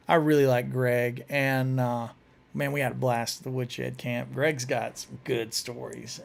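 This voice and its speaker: On a casual live stream, a man with a somewhat high, creaky voice chats loosely while demonstrating on guitar, frequently restarting his words. Guitar playing can be heard in the background.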